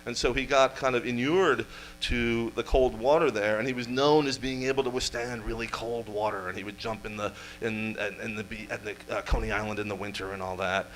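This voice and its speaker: A man giving a comic history talk to a live audience, full of wry deadpan asides and quick jokes. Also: lowish voice, slight background noise, low-quality recording. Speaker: storyteller presenter. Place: event room with live audience.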